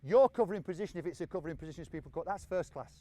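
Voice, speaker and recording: A man with a mellow voice coaches football on an outdoor pitch. He shouts brisk, encouraging commands to the players in his session.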